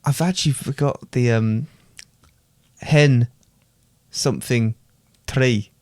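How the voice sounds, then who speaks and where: A man's voice: medium pitch, slow pace, a little mellow, no echo. A young man from Britain, co-hosting a podcast with his father, chatty and hesitant with lots of fillers. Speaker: podcast co-host, son. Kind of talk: joking banter.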